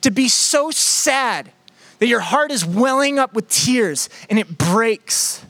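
A man preaching a sermon in a conversational, playful way, moving between quick asides and slow, emphatic phrases. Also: extremely high pitch, lively intonation, a bit bright, no echo. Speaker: pastor.

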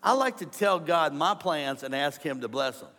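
A middle-aged man preaching a comedic sermon, animated, joking and acting out the voices of his listeners. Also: a little high, normal speed, crowd noise. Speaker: pastor. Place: large church hall. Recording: sermon in a reverberant church.

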